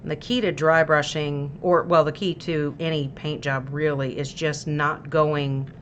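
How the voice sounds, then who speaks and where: A woman's voice: deep voice, steady tone, a little slow, fairly bright tone, slight background noise. A woman hosting a miniature painting livestream, explaining her paints in a chatty, easygoing way with plenty of fillers. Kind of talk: casual paint-along tutorial.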